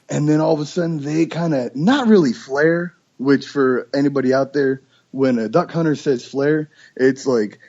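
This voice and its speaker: Guest, male, raised husky voice, excitable storyteller, muffled lo-fi podcast sound. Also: on the high side. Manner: animated storyteller, imitates duck calls and voices. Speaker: duck call maker, guest. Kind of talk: casual podcast chat.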